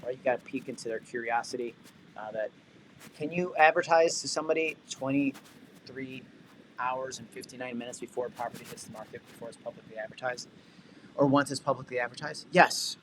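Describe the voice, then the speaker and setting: Host type: lively, bright-voiced man running a casual livestream demo, chatty and upbeat, faint noise behind. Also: medium pitch, a little fast. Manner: energetic, talkative, shout-outs and asides. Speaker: livestream host and real estate tech coach.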